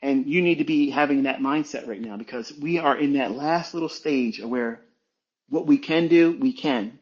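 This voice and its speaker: A man's voice: mid-range voice, moderate pace, slightly rough. Male trading mentor, mid-range voice, profane and emphatic, dull lo-fi recording. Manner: blunt, profane, emphatic, repetitive. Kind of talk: profane motivational monologue.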